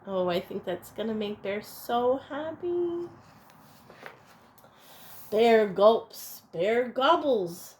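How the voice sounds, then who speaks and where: A woman reading a picture book aloud to children, expressive and playful, adding little asides for young listeners. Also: on the high side, takes it slowly, rough recording. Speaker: storyteller.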